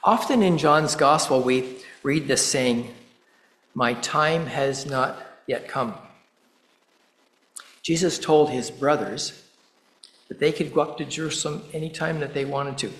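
A man preaching a sermon in a measured way, pausing deliberately and quoting scripture. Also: mid-range voice, a bit bright, echoey room, poor audio. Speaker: pastor.

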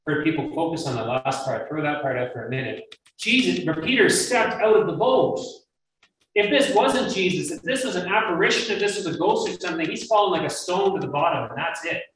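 A man's voice: a little high, animated, fairly quick, fairly bright tone. Earnest guy teaching the bible, asks the room questions, super echoey hall sound. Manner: earnest, emphatic, rhetorical questions to listeners. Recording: very echoey room, mic at a distance, faint noise.

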